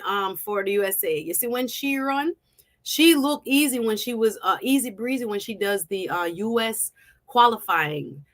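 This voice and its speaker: Woman, Jamaican accent, lively sports vlogger, bright tone, bursts into shouts and laughs. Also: medium pitch. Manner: animated, laughing, shouts in excitement. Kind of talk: excited casual commentary.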